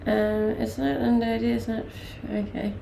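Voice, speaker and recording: In her late twenties and from Denmark, this woman chats casually on a live stream while reading the chat, full of ums and small laughs, her accent Danish mixed with various English ones. Her fairly high, mellow voice carries some fry and a gravelly edge, with a steady tone at normal speed, in an echoey room with slight hiss or hum.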